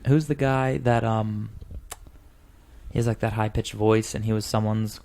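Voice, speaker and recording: Gravelly male podcast host, casual rambling chat, swears, lots of restarts. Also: lowish voice, steady tone, measured pace, warm tone.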